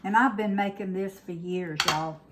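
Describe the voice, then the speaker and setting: A woman's voice: mid-range voice, moderate pace, heavy background noise. An older woman, hosting a casual home cooking demo in her kitchen and chatting straight to her viewers. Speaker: cooking show host.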